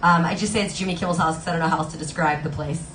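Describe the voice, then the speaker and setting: A woman's voice: deep voice, steady tone, racing, slight background noise. A woman live-streaming at the piano, chatting casually and gushing to her viewers between songs. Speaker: live-stream pianist and singer. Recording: roomy sound with loud piano.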